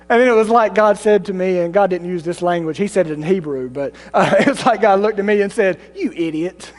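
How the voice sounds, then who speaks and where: A male pastor delivering a sermon, swinging between mocking high voices and low, solemn ones, with self-deprecating humor. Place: church sanctuary. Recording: long hall reverb with mains hum.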